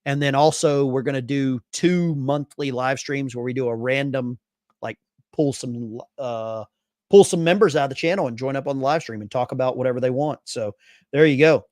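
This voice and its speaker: A man's voice: medium pitch, moderate pace, a little mellow, no room sound, studio quality. A man hosting a casual live stream, reading chat messages aloud with bursts of enthusiasm. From Arkansas.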